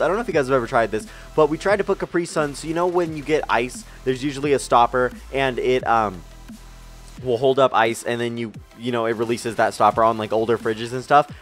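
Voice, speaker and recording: A young man rambles through his stories in a relaxed, offhand way, full of fillers and the occasional curse. His voice sits at an ordinary middle pitch, and soft music plays faintly underneath. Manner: rambling, with swearing and frequent fillers. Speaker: YouTuber telling stories. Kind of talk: casual storytelling over gameplay.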